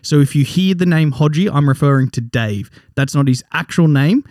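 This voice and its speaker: A man's voice: on the high side, moderate pace, no echo, clean studio sound. Australian man hosting a casual podcast. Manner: relaxed, joking, chatty. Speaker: podcast host.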